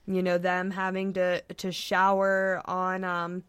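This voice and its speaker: A woman's voice: on the low side, monotone, slow, fairly bright tone, clear, resonant tone, no echo. Chatty woman, dry close sound. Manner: chatty, many fillers and restarts. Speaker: podcast guest, soccer writer. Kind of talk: casual podcast chat.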